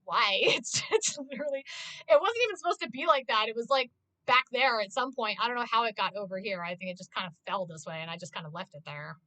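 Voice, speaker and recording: Bright-voiced chatty woman streamer. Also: fairly high pitch, fast talker, no room sound. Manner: chatty, swears often, heavy use of "like". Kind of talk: casual live-stream chat.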